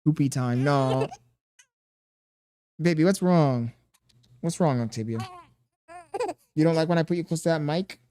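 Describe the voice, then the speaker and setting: A man's voice: fairly high pitch, measured pace, long pauses, warm tone. Playful male streamer talking to chat. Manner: reads chat comments aloud and coos to a baby; playful, mock self-pitying. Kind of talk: casual livestream chat.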